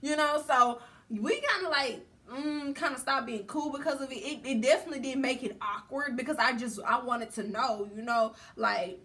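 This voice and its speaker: A woman's voice: high voice, normal speed, sharp tone. A woman vlogger telling a storytime in casual, slangy chat and talking straight to her viewers. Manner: chatty and slangy, addresses viewers directly.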